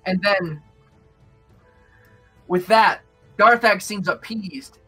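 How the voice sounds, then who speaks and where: A man narrating as game master of a tabletop game, describing scenes with frequent pauses. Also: high-pitched, sharp tone, breathy edge, faint music behind. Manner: descriptive, hesitant with fillers.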